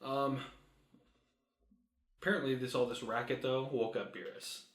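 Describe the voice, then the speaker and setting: A man co-hosts a podcast in a casual, joking way, with a voice of ordinary middle pitch. He retells the episode in a relaxed, chatty manner. The recording has a roomy echo around him. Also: a little slow. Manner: joking, acts out characters' lines while recapping. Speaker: podcast co-host. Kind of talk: casual chat recapping an anime episode.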